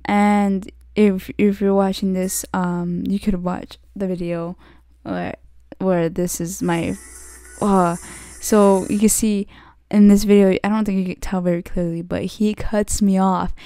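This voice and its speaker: A woman's voice: mid-range voice, flat delivery, a little slow, mellow, smooth, no room sound. A young woman hosting her podcast, telling a story in a rambling casual way, full of "like" and frequent restarts. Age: young adult. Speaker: podcast host.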